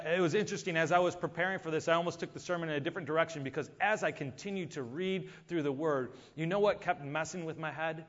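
A male pastor preaching a sermon, moving between hushed quiet asides and loud, emphatic passages. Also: a little high. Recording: dull sound with long hall reverb.

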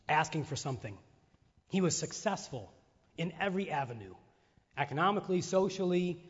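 A man preaching a sermon to his church, animated, acting out voices and firing off rhetorical questions. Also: a little high, husky. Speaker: pastor. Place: church sanctuary. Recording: muffled sound in a reverberant hall.

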